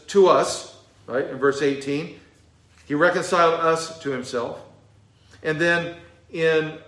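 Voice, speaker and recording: A man's voice: a little high, bright, forceful tone, roomy sound. A male pastor teaching a verse-by-verse sermon, emphatic, with a few fillers. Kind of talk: expository sermon.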